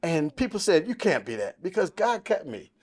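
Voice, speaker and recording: A man's voice: high voice, very animated, normal speed, a little mellow. A man of sixty telling his life testimony in casual podcast talk, emphatic and storytelling, quoting the people in it. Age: 60s. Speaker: podcast guest.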